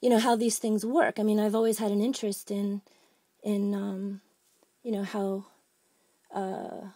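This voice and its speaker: A woman's voice: medium pitch, little pitch movement, unhurried, dark tone, no echo. Woman caller, agitated, keeps restarting, dry close sound. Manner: rambling, agitated, many restarts. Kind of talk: phone-in complaint.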